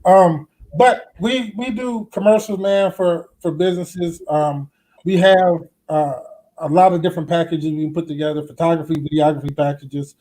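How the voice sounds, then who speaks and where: A man's voice: a little high, fairly even intonation, normal speed, dark tone. A man co-hosting a casual panel talk, laid-back and slangy while he plugs his film and video business. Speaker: co-host and filmmaker.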